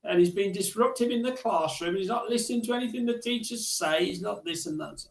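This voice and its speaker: A man's voice: high voice, a little fast, creaky, echoey room, far from the mic, voice pushed up. A man voicing a male teacher who complains about a pupil in an indignant, accusing tone.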